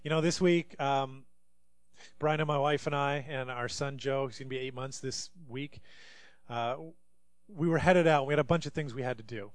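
A young man preaching a sermon as a pastor, telling stories with big swings from hushed to loud. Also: medium pitch, normal speed, dry recording. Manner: animated storytelling, swinging from quiet to loud.

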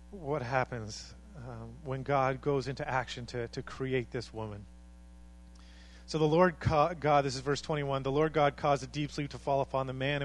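A man's voice: mid-range voice, low-quality recording. A man preaching a sermon with earnest conviction, building to emphatic peaks and acting out the words people say. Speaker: pastor.

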